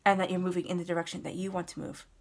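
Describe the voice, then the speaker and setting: A woman's voice: fairly low pitch, little pitch movement, rapid-fire. A woman giving a casual, earnest tarot reading, talking straight to the listener and repeating words for emphasis. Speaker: tarot reader.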